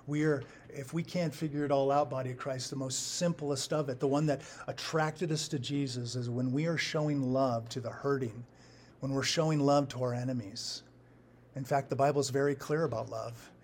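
A man's voice: medium pitch, fairly even intonation, normal speed, a little hiss or hum. Emphatic pastor man preaching a sermon. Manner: emphatic, rises and drops in volume for stress, repeats phrases.

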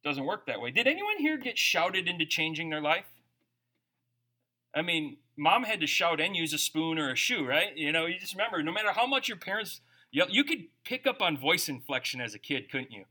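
A man's voice: on the high side, big pitch swings, moderate pace, pushed and bright. A man preaching a conversational sermon, reading scripture aloud and breaking into informal, jokey asides. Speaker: pastor.

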